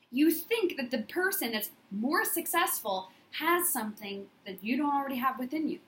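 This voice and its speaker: A woman's voice: fairly high pitch, big pitch swings, brisk, hardly any pauses, fairly bright tone, reverberant. A woman business coach giving an emphatic, repetitive motivational monologue in affirmation style.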